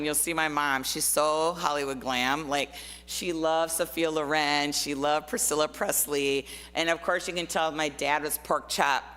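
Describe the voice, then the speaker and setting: A woman with a bright, clear voice talks through her artwork in a loose, conversational way, full of fillers and personal stories. Her voice carries a long reverb from the large hall she speaks in. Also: low-pitched. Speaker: artist giving a talk. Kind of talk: informal presentation of artwork. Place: church forum room.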